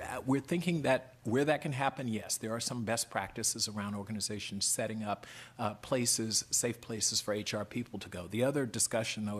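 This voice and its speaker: Middle-aged man, association head at a hearing; low, husky, emphatic and earnest. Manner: earnest, emphatic, speaks in short punchy statements. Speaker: head of a professional HR association testifying. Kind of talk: committee hearing testimony.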